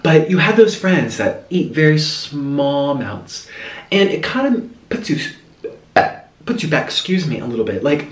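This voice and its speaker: A young man vlogging a mukbang, telling rambling stories in a chatty, animated way while he eats. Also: fairly high pitch, recorded from a distance. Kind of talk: casual storytelling while eating. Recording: roomy echo, a bit off-mic.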